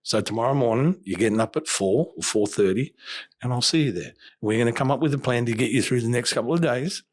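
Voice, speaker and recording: A man's voice: medium pitch, quick pace. A man, a boxing coach telling a story on a podcast and acting out the lines of each person in it. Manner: emphatic storyteller who acts out quoted dialogue.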